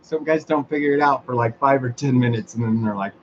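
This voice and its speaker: A man's voice: medium pitch, fairly quick. A man hosting a casual talk show, speaking sarcastically, swearing freely and laughing often. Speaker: host of a motorized bicycle talk show. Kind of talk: casual solo chat. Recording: dull lo-fi sound with faint background noise.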